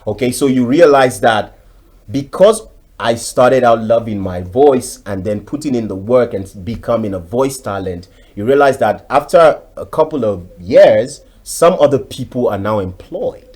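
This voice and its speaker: A man's voice: mid-range voice, measured pace. A Nigerian man, a voiceover artist, talking expressively as a guest on a TV interview. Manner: expressive, chatty, with frequent fillers. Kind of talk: TV interview talk.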